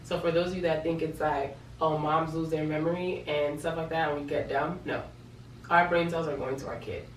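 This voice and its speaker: A young woman vlogging in a chatty, animated way, acting out the voices in her story. Her voice sits a little low and sounds somewhat distant from the mic, with the room echoing around it. A faint hiss of ambience hangs underneath. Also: moderate pace. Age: young adult. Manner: chatty, animated retelling with quoted dialogue. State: pregnant. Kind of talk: casual storytelling vlog.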